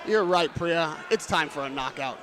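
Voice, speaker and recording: A man's voice: a little high, moderate pace. A man giving emphatic, analytical live commentary on a boxing match. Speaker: boxing pundit.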